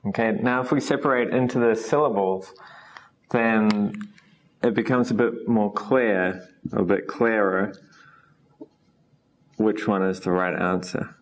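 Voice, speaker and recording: A man teaching English pronunciation in a recorded lesson, saying each sound slowly and patiently. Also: on the low side, fairly even intonation, slight background noise.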